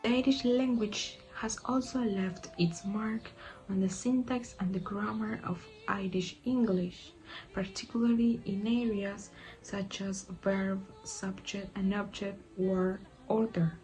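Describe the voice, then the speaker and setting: A woman reading a scripted lesson narration in a measured, explanatory way. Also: medium pitch, steady tone, darkish tone, soft background music, low-quality recording. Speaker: teacher.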